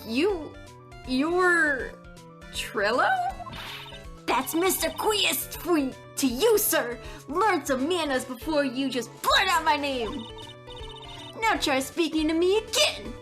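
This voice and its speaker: A woman's voice: sits high, sing-song, slow, a bit bright, faint music behind, heavily acted. A woman voicing a foul-mouthed male ventriloquist puppet who barks insults and demands respect. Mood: rude. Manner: brash, insulting, commanding.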